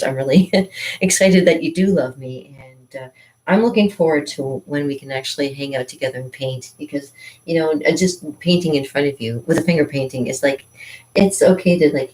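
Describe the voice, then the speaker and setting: A woman's voice: a bass voice, darkish tone, low-quality recording. A middle-aged woman chatting casually and rambling with little laughs while she paints. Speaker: finger-painting vlogger.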